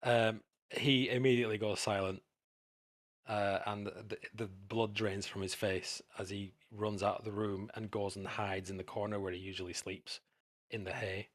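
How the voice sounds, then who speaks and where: A man's voice: lowish voice, flat delivery, no echo. A man narrating as game master, describing scenes with frequent ums and restarts. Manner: halting, filler-heavy narration.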